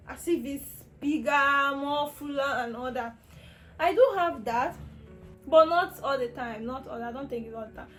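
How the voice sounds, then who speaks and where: A young Nigerian woman, a vlogger, tells the camera her personal health story in a high, fairly bright voice. She's emotional and rambling, restarting often.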